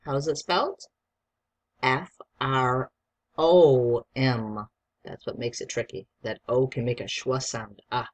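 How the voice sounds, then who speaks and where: Slow, patient teacher spelling words aloud. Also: mid-range voice, fairly even intonation. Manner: slow, deliberate dictation, spelling words out letter by letter; encouraging, patient instructions to a young student. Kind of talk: spelling dictation lesson.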